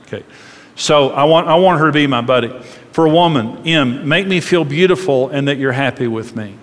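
A middle-aged man giving a sermon-style marriage talk, animated and acting out the voices in his stories. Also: fairly high pitch, a little fast. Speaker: marriage speaker. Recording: long hall reverb.

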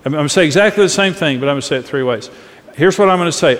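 Very fast and animated, with a fairly high pitch, the middle-aged pastor keeps teaching on marriage. He earnestly demonstrates various tones of voice, and the big hall's long reverb trails his words.

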